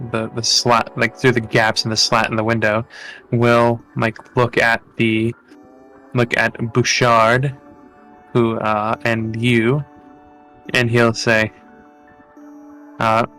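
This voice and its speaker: A man narrating as game master in a tabletop game, halting often with fillers and restarts. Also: medium pitch, pushed and bright.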